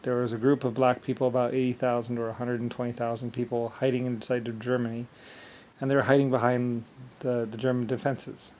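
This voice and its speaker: A man's voice: medium pitch, flat delivery, a little mellow, slight background noise. A man talking alone in a rambling monologue, stumbling and repeating words as he goes. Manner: halting, repeats words, trails off. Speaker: vlogger.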